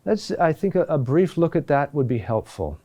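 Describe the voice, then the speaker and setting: A man teaching a recorded lesson on chant rhythm, talking deliberately with pauses and "huh?" checks. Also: a little high, big pitch swings, mellow.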